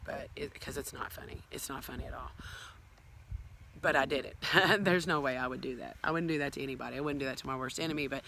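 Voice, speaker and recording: A woman's voice: extremely low pitch, bright, forceful tone, a little hiss or hum, low-quality recording. A woman telling her own story to a phone camera at home, rambling with many fillers and asides. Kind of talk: casual personal storytelling. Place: at home, filming herself on a phone.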